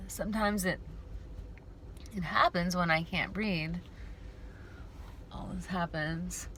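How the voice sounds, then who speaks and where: A woman chatting slowly to her viewers in a casual vlog. Her voice is bright and clear, and she rambles in a heartfelt, affectionate way, pausing often and filling gaps with "um" and "you know.". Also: lowish voice, slight background noise. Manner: rambling, heartfelt, with frequent pauses and fillers. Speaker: dystonia awareness vlogger. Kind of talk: casual personal vlog talk. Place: car.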